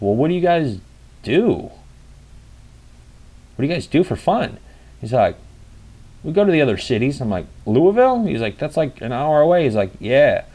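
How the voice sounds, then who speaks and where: Here a young vlogger with a darkish voice on the high side tells a meandering tale, cursing liberally and voicing the characters' lines as he goes.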